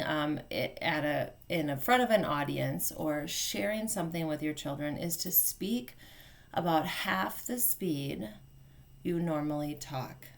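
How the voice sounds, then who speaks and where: Gravelly-voiced woman coach, chatty. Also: on the low side. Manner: conversational, with fillers and self-corrections. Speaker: parenting and communication coach. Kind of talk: casual instructional talk.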